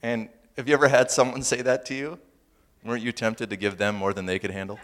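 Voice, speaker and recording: A male pastor preaching a sermon, humorous and animated, moving between loud punchlines and quiet, earnest asides. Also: mid-range voice, quick pace. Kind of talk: sermon with personal storytelling.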